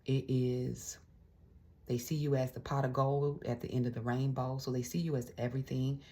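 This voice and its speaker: Very low-voiced excitable tarot reader woman. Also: normal speed. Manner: excitable, chatty, slips into hushed whispers. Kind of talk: excited casual tarot reading.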